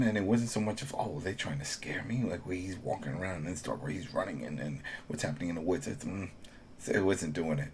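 A man chatting casually as a podcast co-host, animated and acting out quotes while reviewing a TV episode. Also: deep voice, a little hiss or hum. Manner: animated, acts out quotes in voices. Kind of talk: casual chat.

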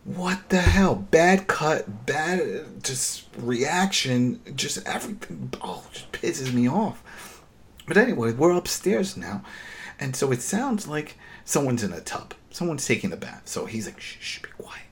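A man hosting a casual episode recap, ranting in an animated, exasperated way, swearing and acting out bits of the scenes. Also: a little high. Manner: acts out character lines in quick impressions.

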